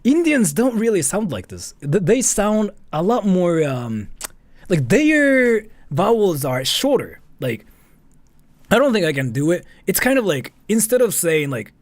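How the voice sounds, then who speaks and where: A man's voice: high voice, big pitch swings, unhurried, no echo. A man streaming a casual chat, rambling with lots of fillers while reading out donations. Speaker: livestreamer.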